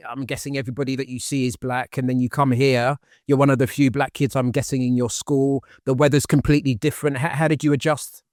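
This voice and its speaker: A man's voice: medium pitch, flat delivery, fast, darkish tone, dry recording, clean studio sound. A man hosting a podcast, asking questions in a sympathetic, hesitant way, with many "ums" and "you knows". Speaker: podcast host. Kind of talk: interview questions.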